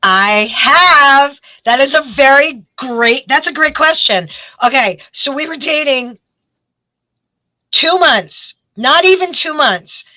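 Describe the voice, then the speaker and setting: A woman, a guest telling a story in casual chat, animated and quick. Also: high voice, no room sound, low-quality recording. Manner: animated, quick storytelling with bursts of acted quotes.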